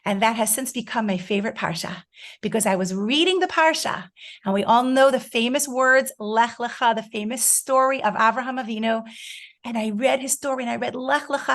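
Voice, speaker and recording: A woman's voice: on the high side, fairly quick, a bit bright. A woman in her forties telling a personal story to an online group, acting out her own past words. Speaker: guest speaker. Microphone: video call.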